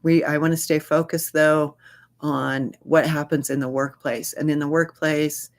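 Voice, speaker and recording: A man's voice: on the high side, little pitch movement, measured pace. A man leading a workplace training session, speaking earnestly and acting out sample dialogues. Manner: earnest, repeats key phrases, acts out sample dialogues. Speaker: workshop facilitator.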